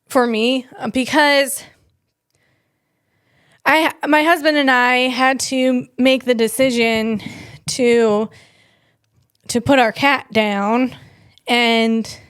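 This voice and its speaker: Slow-talking woman podcast host, dry mic. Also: fairly high pitch, a bit bright, no echo. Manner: rambling, self-deprecating, tells personal stories. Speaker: tech comedy podcast host. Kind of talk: casual solo podcast chat.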